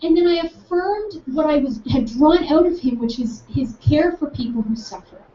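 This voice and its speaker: This young adult woman, high-pitched and speaking at normal speed, excitedly tells a personal story of a campus conversation. She acts out both sides with animation. The audio comes across as distant and echoey, with dull room sound and slight noise.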